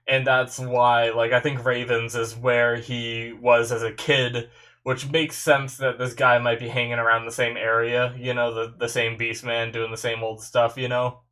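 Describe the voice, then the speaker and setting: A man's voice: medium pitch, little pitch movement, unhurried, pushed and bright. A young man with a stuffy nose, rambling casually as he reacts to an anime episode, full of fillers like "like" and "you know".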